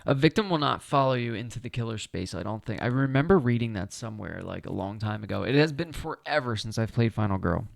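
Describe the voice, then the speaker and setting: A man streaming a solo board game playthrough, thinking aloud, counting his moves and asking viewers what they think in a relaxed, casual way that includes the odd swear. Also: lowish voice, fast talker, creaky, hardly any pauses, no room sound, studio quality.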